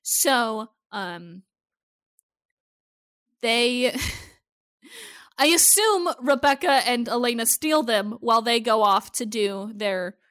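A high-pitched woman with a bright, sharp voice chats casually as a podcast co-host, recapping a TV episode. She swears freely and laughs often. The recording is close and dry. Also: slow, pauses often, dry recording. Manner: profane, animated, laughing often.

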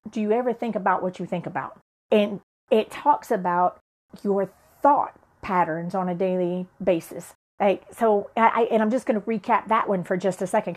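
A middle-aged woman hosting a motivational podcast, preaching and swearing to her listeners in a fired-up way. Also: medium pitch. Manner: fired-up, preachy, profane, talks straight to listeners. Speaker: podcast host.

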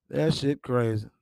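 A man's voice: mid-range voice, gravelly, a little mellow, no echo, studio quality. A man hosting a podcast, reading celebrity headlines and reacting with profane exclamations and laughter. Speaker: podcast host. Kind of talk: casual celebrity gossip commentary.

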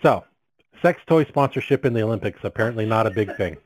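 A man's voice: lowish voice, lively intonation, fast, a little mellow, poor audio. A man co-hosting a comedy podcast, reading odd news stories aloud with crude jokes and stumbles.

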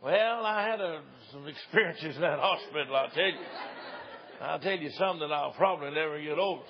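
A man's voice: a little high, fairly quick, a little hiss or hum. A man in his sixties with an East Tennessee accent, an evangelist telling folksy, joking stories in a sermon and laughing often. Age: 60s. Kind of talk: humorous sermon storytelling. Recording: dull lo-fi recording.

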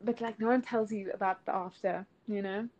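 A woman's voice: mid-range voice, fairly even intonation, a little fast, a little mellow, muffled recording. A young woman, co-hosting a podcast in casual chat, giggly and full of "like" and "you know". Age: late teens. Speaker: podcast co-host.

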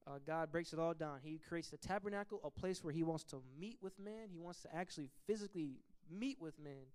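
A man teaching a church Bible study in an animated preaching style. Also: fairly high pitch, brisk, smooth. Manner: animated preaching, acts out complaining voices.

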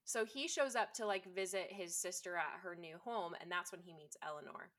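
A woman's voice: fairly low pitch, normal speed, a bit bright. A woman chatting casually and enthusiastically, with lots of fillers. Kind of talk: casual chat.

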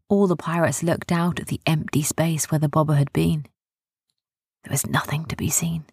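A woman narrating a children's adventure story softly, hushing at tense moments. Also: deep voice, steady tone, normal speed, creaky, breathy edge, dry recording, studio quality.

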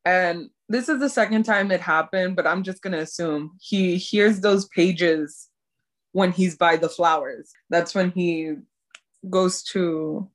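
A young woman casually recapping a drama episode, expressive, swearing and laughing often. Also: on the low side, slow pace.

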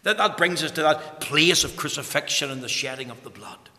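A man's voice: on the high side, animated, a little fast, bright, forceful tone. A man preaching a sermon with fervor, swelling to emphatic peaks when quoting scripture and often repeating words as he starts a phrase. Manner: fervent, rising to emphatic peaks on scripture quotes. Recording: long hall reverb.

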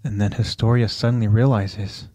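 A man narrating an anime recap casually, in an animated way that keeps jumping ahead. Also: on the low side, no echo. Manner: animated, quick to jump ahead, loose fillers.

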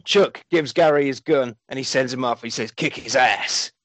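A man's voice: mid-range voice, normal speed, dry recording. A man in casual podcast chat, animatedly retelling a film plot with plenty of swearing. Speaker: podcast co-host.

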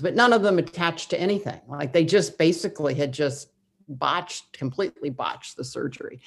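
Earnest woman from the Midwest telling a story. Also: extremely low pitch. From Midwest US, Indiana. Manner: earnest, frequent restarts and fillers. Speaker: guest. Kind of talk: personal storytelling in a conversation.

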